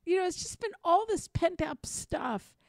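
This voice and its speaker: A woman co-hosting a podcast, telling a personal story in an animated, conversational way. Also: very high-pitched, unhurried, dry recording, clean studio sound. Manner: animated, acts out quoted voices. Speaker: podcast co-host.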